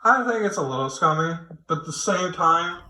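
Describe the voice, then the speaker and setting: A man's voice: on the high side, animated, moderate pace, sharp tone, slight background noise. A man giving a casual late-night opinion rant at home, rambling and swearing, with frequent restarts. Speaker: online commentator. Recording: echoey room.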